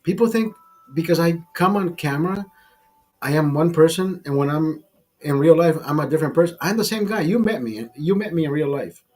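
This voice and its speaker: A man's voice: fairly high pitch, fairly quick, a little mellow. A man hosting a casual late-night chat over beers, tipsy, crude and rambling, repeating himself and laughing often. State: tipsy from drinking. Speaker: livestream host.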